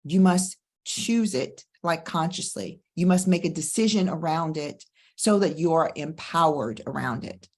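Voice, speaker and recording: Middle-aged woman coach talking it up, low-ish voice, punchy slow emphasis on key lines. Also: darkish tone. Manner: emphatic, preacher-like cadence with slow stressed phrases. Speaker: divorce coach, podcast host. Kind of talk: motivational monologue and personal story.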